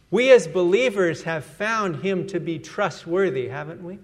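Pastor, male, high voice, unhurried delivery, earnest and emphatic sermon style. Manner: earnest, emphatic, lets his voice fall at phrase ends.

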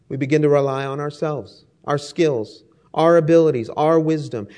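A man's voice: fairly high pitch, darkish tone. Emphatic male preacher. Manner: emphatic, rhetorical lists, storytelling. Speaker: pastor. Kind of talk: sermon.

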